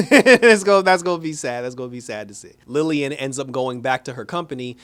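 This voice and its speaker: A man's voice: mid-range voice, brisk. Chatty man laughing through a review. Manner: chatty, laughs often, animated storytelling. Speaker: show reviewer. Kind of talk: casual video review recap.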